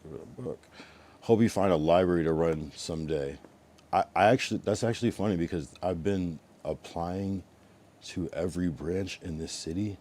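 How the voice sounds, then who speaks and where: Young guy streaming from home, super deep voice, cussing and rambling at chat, faint room hum behind. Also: normal speed. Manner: profane, rambling, with bursts of loud taunting and dips to a mutter. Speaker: livestreamer. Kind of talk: casual live-stream chat reacting to viewers.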